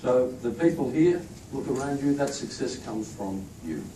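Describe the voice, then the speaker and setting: A man's voice: medium pitch, animated, moderate pace, dark tone. A man gives a chatty, joking speech at a staff event, introducing team members to a crowd. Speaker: institute leader presenting staff. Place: echoey event room with a crowd. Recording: echoey room, distant mic, crowd noise.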